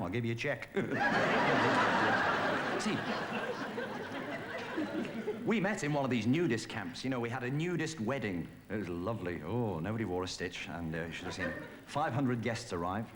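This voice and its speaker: A man doing a stand-up comedy routine on a variety show, rattling off quick one-liners. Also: fairly low pitch. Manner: rapid one-liners, lively punchline delivery. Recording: noisy old off-air TV tape.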